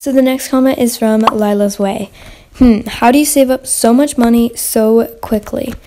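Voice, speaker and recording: A woman's voice: a little high, steady tone, normal speed, warm tone. A young woman hosting a casual gaming Q&A vlog, chatty and rambling with lots of fillers and restarts. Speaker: channel host.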